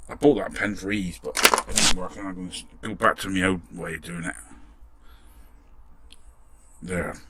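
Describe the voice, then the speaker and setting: A man's voice: low voice, moderate pace, pauses often, very noisy. A man chatting casually as he restores a toy car, muttering to himself with the odd mild swear. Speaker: model restoration vlogger. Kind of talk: casual workshop commentary.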